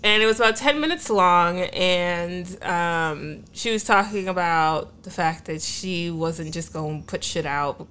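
A woman's voice: lowish voice, lively intonation, measured pace, hardly any pauses, bright, forceful tone, a little hiss or hum. Chatty, candid woman podcast co-host. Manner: candid, profane, chatty with many fillers. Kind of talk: casual chat.

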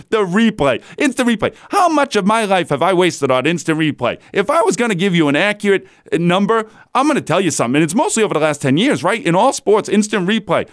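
Chatty animated sports talk host, man. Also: high voice, no room sound, studio quality. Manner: animated, chatty, laughs between lines. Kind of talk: casual solo sports commentary. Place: studio.

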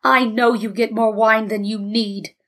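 A woman voicing a stubborn, proud middle-aged father in a storybook reading, blunt and quick to anger. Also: on the high side, steady tone, a bit bright. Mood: angry.

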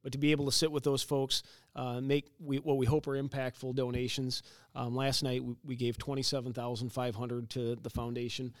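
A man's voice: mid-range voice, little pitch movement, a little fast, no echo. A man, a company co-founder, talking earnestly in a casual interview.

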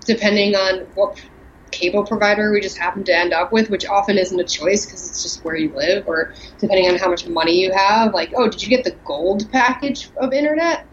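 Low-voiced woman on a muffled call. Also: a little hiss or hum. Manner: animated, talkative storytelling. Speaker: guest. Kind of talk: casual chat over an internet call. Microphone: internet call.

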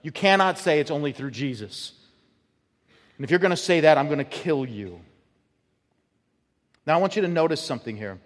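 A man's voice: a little high, animated, normal speed, pauses often. Emphatic male pastor in a reverberant hall. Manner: emphatic, often repeats words. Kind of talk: sermon. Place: church sanctuary.

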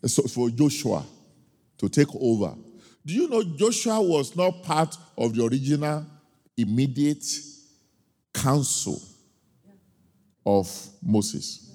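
A man preaching a sermon, telling a personal story with emphatic, drawn-out key points. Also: medium pitch, big pitch swings, warm tone. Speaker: pastor. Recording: long hall reverb.

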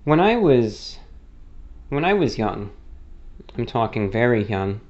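A man's voice: medium pitch, sing-song, slow pace, a little mellow. Rambling American man, slightly muffled. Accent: American with a mildly non-rhotic, slightly British-like lilt. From United States. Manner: rambling, self-correcting storyteller. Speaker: broadcast host answering a listener question. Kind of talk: casual monologue.

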